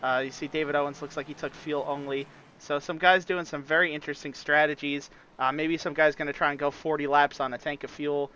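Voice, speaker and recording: A man's voice: on the high side, level tone, a little fast, pushed and bright, smooth. Lo-fi pit reporter man. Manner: methodical strategy rundown. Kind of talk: sim racing broadcast commentary. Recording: dull, lo-fi mic.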